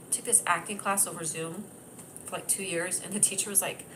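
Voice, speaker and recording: A woman comedian hosting her own livestream, chatting loosely and giggling, often talking loudly and at times yelling. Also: fairly low pitch, steady tone, fairly quick, background noise. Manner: giggly and scattered. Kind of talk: rambling casual livestream chat. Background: piano playing.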